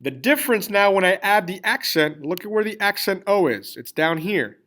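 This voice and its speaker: A man's voice: high-pitched, big pitch swings, moderate pace, a bit bright. A man teaching a class, explaining grammar step by step, spelling out endings and checking in often with the students. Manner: repeats "all right?" and checks in with students. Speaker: Spanish teacher. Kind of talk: classroom lesson with screen typing.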